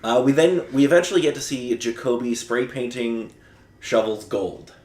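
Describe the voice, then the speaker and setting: A man's voice: mid-range voice, normal speed, darkish tone. A man hosting a podcast in casual chat, recapping the plot with lots of fillers and the odd blunt swear. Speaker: podcast host. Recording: roomy echo.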